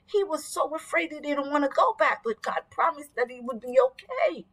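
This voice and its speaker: A woman's voice: high voice, lively intonation, normal speed, a bit bright. A woman teaching at a vacation Bible school. She tells a Bible story to children expressively and keeps asking them questions.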